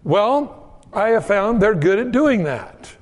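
A man preaching a sermon in a relaxed, conversational way, telling homespun stories about kids and doing quick voices for the people in them. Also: high-pitched, long reverb tail. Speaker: pastor.

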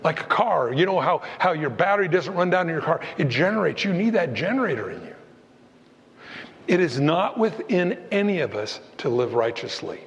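A man preaching a sermon as pastor, animated, acting out the voices of Bible figures as he goes. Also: on the high side, normal speed, muffled recording. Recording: long hall reverb.

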